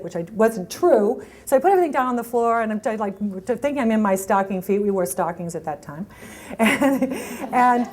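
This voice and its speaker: Middle-aged woman, personal storytelling talk, animated, restarts often, voices her quotes higher. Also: fairly quick. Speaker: speaker at a networking event.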